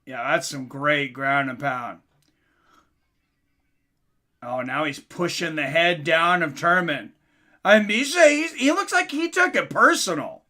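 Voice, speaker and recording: Guy calling a fight live on stream, high bright voice, gets hyped. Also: unhurried, long pauses. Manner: excitable, rises to yelling at big moments.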